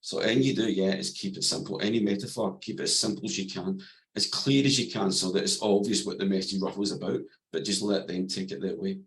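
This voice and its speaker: Calm plain-spoken man, lowish voice. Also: fast, poor audio. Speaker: guest, NLP coach and therapist. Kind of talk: podcast interview, explaining and storytelling.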